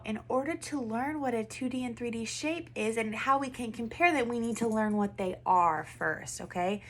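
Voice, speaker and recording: A woman's voice: fairly high pitch, normal speed, few pauses. A woman teaching a first grade video lesson, patiently asking questions and having children repeat words after her. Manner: patient, encouraging, asks questions and has kids repeat. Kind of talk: online classroom lesson.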